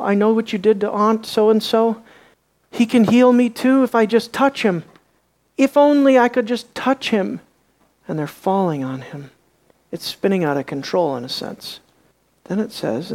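A woman teaching a Bible class in a sermon style, acting out quoted lines with sudden jumps in pitch and volume. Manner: animated, acts out quotes with rising pitch and volume.

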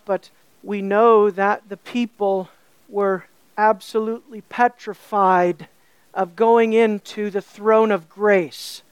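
A woman's voice: medium pitch, clean tone, no echo. A woman preaching a sermon, emphatic, with rhetorical questions and building repetition.

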